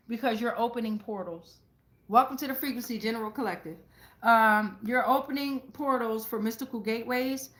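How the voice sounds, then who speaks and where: A woman giving a casual tarot reading to her viewers, talking excitably with lots of profanity, repeating phrases and checking in with "right?" again and again. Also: fairly high pitch, fairly quick, roomy sound. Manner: profane, keeps asking "right?". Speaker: tarot reader.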